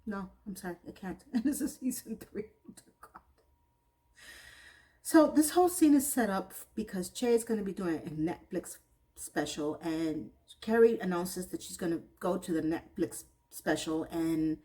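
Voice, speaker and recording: A woman's voice: fairly low pitch, moderate pace, mellow, rough recording. A woman giving a casual recap of a TV episode, breaking off into exasperated, sarcastic asides. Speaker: TV recap reviewer.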